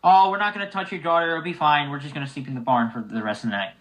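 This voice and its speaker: A young man with a bright, forceful voice, higher than most men, telling a long joke on a casual podcast. He acts out each character as he goes, in an animated storytelling manner. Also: very fast, poor audio. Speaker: podcast co-host.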